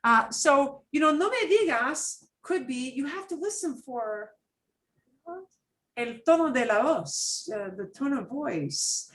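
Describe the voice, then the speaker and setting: Middle-aged female Spanish teacher, lively pitch, unhurried delivery, acts out examples. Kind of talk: online class lesson.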